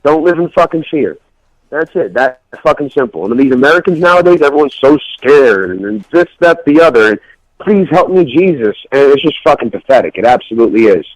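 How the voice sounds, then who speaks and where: A man's voice: medium pitch, expressive, fairly quick, no room sound, poor audio. A man from New York co-hosting a talk radio show, blunt, profane and opinionated in casual banter.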